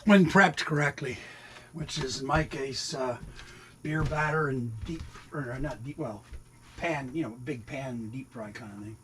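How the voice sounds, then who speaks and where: A man's voice: medium pitch, unhurried, a crowd in the background. A man in his sixties chatting casually in a rambling way while cooking in his RV kitchen, talking to his cats now and then. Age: 60s. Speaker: RV vlogger. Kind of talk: casual cooking vlog chat.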